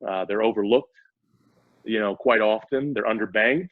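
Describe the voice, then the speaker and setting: A man's voice: fairly low pitch, normal speed, no room sound. A man speaking as a startup CEO guest in a casual interview, eager and explaining at length with frequent restarts. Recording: dull, dry lo-fi audio.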